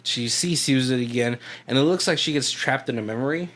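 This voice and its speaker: A man's voice: medium pitch, brisk, a bit bright. A man co-hosting a movie podcast in casual chat, rambling and laughing often as he recaps. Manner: rambling, laughs often, swears, puts on voices for quotes. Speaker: podcast co-host.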